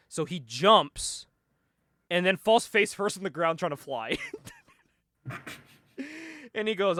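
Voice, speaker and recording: Man, high lively voice, bright tone, laughing comic recap. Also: measured pace, long pauses, dry recording, studio quality. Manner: animated, laughs often, acts out the characters' lines. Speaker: podcast co-host. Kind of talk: casual comic book recap.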